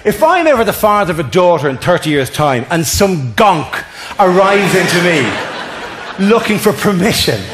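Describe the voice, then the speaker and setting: An Irish man performing live stand-up comedy, telling stories fast and acting out voices on a theater stage. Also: high-pitched, big pitch swings, over music. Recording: echoey theater with loud crowd laughter. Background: audience laughing.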